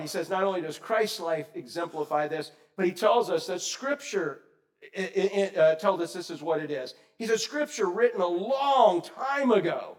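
A man preaching a sermon in a conversational way, quizzing the congregation and swinging between loud and soft. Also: sits high. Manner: asks the congregation questions. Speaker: pastor.

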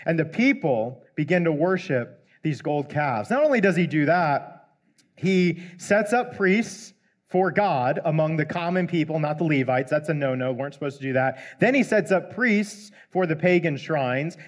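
A man's voice: on the high side, lively intonation. A man preaching in a casual, conversational way, retelling a Bible story and briefly voicing the people in it. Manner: conversational, acts out the characters' lines in quick asides.

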